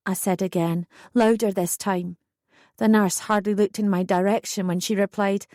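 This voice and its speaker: A woman's voice: medium pitch, fairly even intonation, normal speed, mellow, dry recording, clean studio sound. A woman narrating a first-person true story audiobook with feeling. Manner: emotional memoir reading, acting out quotes.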